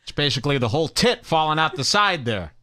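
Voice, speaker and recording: Sarcastic male podcast host, slightly high, mocking, stretches words. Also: very animated, sharp tone. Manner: sarcastic, drawn-out emphasis. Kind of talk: mocking commentary over clips.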